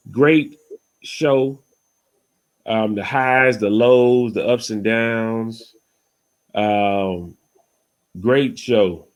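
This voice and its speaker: A man hosting a casual podcast over a video call, talking in a relaxed way and often saying "you know what I'm saying.". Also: mid-range voice. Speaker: podcast host.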